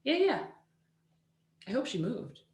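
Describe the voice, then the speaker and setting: A woman co-hosting a podcast, telling a true-crime story in casual chat, animated, with lots of "like" and the odd swear word. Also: fairly high pitch, takes it slowly, echoey room. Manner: animated, swears freely, says "like" a lot.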